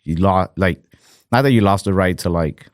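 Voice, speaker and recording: A young American man co-hosts a casual comedy podcast, rambling and leaning heavily on fillers like "like" and "fucking." His voice is low-pitched at a normal speed, and the recording is dry with clean studio sound.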